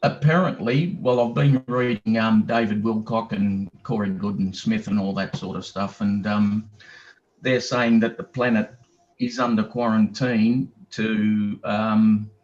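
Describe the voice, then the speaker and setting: Male caller, Australian accent, chatty and halting, muffled lo-fi call audio. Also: lowish voice, steady tone, darkish tone. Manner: chatty, hesitant, lots of ums. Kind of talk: casual call-in chat.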